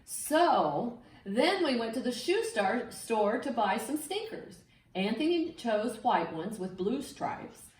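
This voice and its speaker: A woman reading a picture book aloud to children, with an expressive, sing-song delivery that invites the listeners to join in. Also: a little high, takes it slowly. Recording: echoey room, mic set far off.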